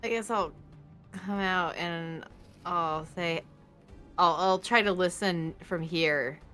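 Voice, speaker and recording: A woman playing a tabletop game, speaking hesitantly with many pauses and fillers. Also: on the low side, fairly bright tone, faint music behind. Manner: hesitant, many ums and uhs. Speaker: player. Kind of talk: casual tabletop play.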